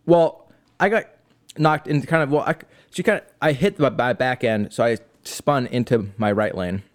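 A man's voice: medium pitch, moderate pace. A young man telling a story in casual chat as a podcast co-host, laughing often.

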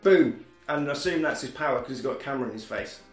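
A man on a podcast, animatedly retelling a film plot in casual chat and slipping into quick character voices. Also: mid-range voice, echoey room, soft background music.

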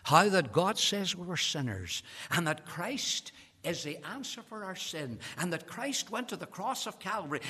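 A man with a high, husky voice preaches an evangelistic sermon, telling a story with mounting passion. He grows impassioned and builds to shouted climaxes, with long hall reverb around him.

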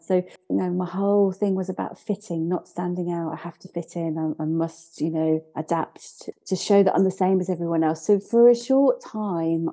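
A woman's voice: fairly low pitch, mellow. A woman in her forties, raised in Scotland, speaking earnestly as a podcast guest, hesitant with frequent restarts. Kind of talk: reflective interview talk.

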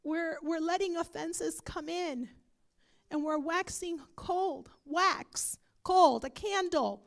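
Woman pastor, fervent sermon, high and gravelly, measured delivery. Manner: fervent, breaks into whispered prayer. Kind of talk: sermon and prayer. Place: church.

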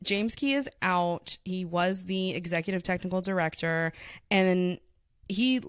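A woman's voice: on the low side, clear, resonant tone, no echo, clean studio sound. Chatty young woman podcaster. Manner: chatty, fillers of "like", quick laughs. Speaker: podcast co-host. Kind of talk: casual chat.

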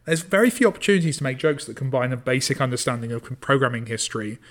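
Bright-voiced joking man. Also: medium pitch, expressive, fast talker. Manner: joking, self-deprecating. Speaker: podcast co-host. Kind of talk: casual chat.

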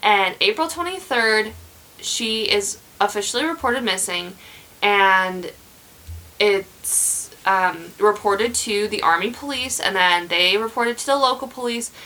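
Young woman host rambling thru a true crime story, slow, lots of um and like, bright voice. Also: mid-range voice, rough recording. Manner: rambling, many fillers and restarts. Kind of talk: casual true crime chat.

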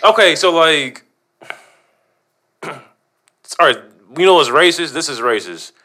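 A man's voice: a little high, lively intonation, measured pace, sharp tone. A man hosting a podcast, joking and laughing through casual chat. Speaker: podcast host.

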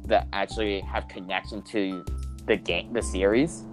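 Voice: low voice, steady tone, normal speed, faint music behind. A speaker in casual chat giving blunt, exasperated opinions on a movie. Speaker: movie reviewer.

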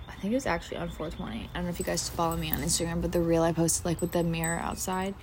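A woman's voice: fairly low pitch, very fast, a little mellow. A young woman hosting a casual podcast, rambling and swearing freely with lots of fillers, recorded outdoors in a backyard. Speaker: podcast host. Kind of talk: casual chat. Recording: faint outdoor background noise. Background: outdoor ambience.

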